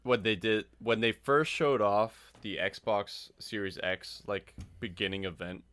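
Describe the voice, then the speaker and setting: A man's voice: lowish voice, steady tone, unhurried, a bit bright. A man co-hosting a casual podcast, chatty and joking as he weighs in on news. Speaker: podcast co-host. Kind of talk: casual chat.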